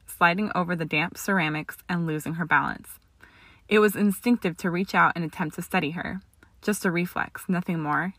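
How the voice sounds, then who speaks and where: A woman narrating a story aloud in a steady, expressive audiobook reading. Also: on the low side, no echo. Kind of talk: audiobook reading of fan fiction.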